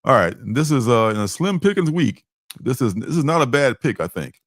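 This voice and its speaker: A man's voice: mid-range voice, very animated, brisk, no room sound, clean studio sound. A man hosting a comic book livestream, chatting casually, joking and rambling with frequent chuckles. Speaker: livestream host.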